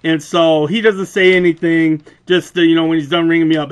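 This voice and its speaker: A young man with a loud, booming voice pitched a little high tells his story casually. His talk is animated and full of swearing, with laughs along the way. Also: a little fast. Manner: animated, profane, laughs through the retelling. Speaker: vlogger.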